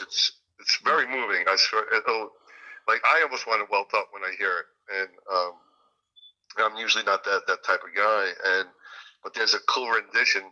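A man's voice: fairly low pitch, sharp tone, poor audio. A man being interviewed as a music producer and guitarist, telling stories in a rambling way with many fillers and restarts. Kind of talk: casual interview chat.

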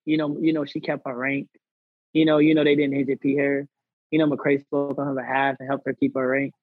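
Husky-voiced man telling a story. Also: medium pitch, fairly quick, dry recording, narrow, tinny audio. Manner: animated, acts out quoted people; conversational American slang. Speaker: podcast guest. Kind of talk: storytelling in a casual interview.

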